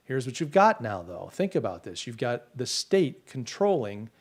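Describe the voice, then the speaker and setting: A middle-aged man with a mid-range, darkish, sing-song voice talks at normal speed while hosting a podcast. In casual livestream style, he rambles through his opinions, restarts often, and reads out viewer comments.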